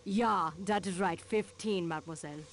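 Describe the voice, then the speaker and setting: A woman's voice: lowish voice, normal speed, slight background noise, close to an everyday voice. A woman voicing a flustered German maid. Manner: flustered, stiff. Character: nervous loyal German lady's maid.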